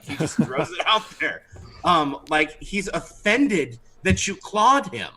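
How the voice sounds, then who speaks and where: Guy dm'ing a tabletop game, bright sharp voice, kinda high, acts stuff out. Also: husky, low-quality recording. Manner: animated, acts out characters with quick voices. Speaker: dungeon master.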